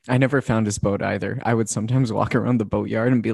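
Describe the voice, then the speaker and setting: A man with a gravelly, fry-edged voice chats casually as a podcast co-host, laughing through his stories and quick asides. The sound is dry and close. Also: mid-range voice, steady tone, darkish tone, no room sound. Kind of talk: casual chat.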